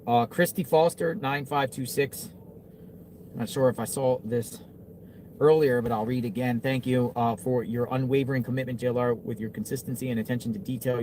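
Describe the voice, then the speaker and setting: A man's voice: mid-range voice, steady tone, normal speed, a little mellow, slight background noise. A man hosting a livestream, reading viewer messages and thanking members in an upbeat, repetitive way. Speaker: livestream host. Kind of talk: casual livestream chat. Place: outdoors, then indoors.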